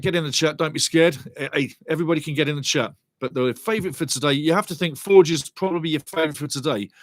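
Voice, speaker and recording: A man's voice: on the high side, no room sound. A man hosting a live football watchalong, talking in an enthusiastic, chatty way and often repeating himself for emphasis. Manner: enthusiastic, repetitive, chatty, addresses the chat directly. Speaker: watchalong host. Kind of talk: live pre-match football commentary.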